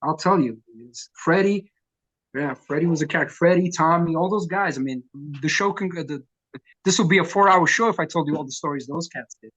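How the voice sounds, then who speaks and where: A middle-aged man, a punk vocalist telling profane, lively stories in an oral history interview. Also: a little high, fairly quick. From New York. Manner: profane, animated storyteller who acts out quotes.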